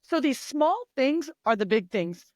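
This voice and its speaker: A woman's voice: high-pitched, sing-song, unhurried, dry recording, studio quality. A middle-aged woman coach talking in a casual interview, emphatic and blunt, swearing freely. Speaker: mental performance coach.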